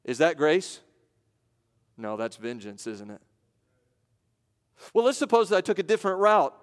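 A very animated male pastor from the United States preaches at a moderate pace, his voice echoing with the long reverb of a big hall. He swings from raised emphasis to hushed, low delivery and asks rhetorical questions.

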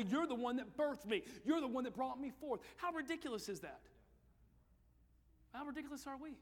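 High-voiced preacher in an echoing hall. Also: male voice. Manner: swings from quiet pleading to shouted climaxes. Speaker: youth event preacher. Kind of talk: sermon. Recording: echoey hall.

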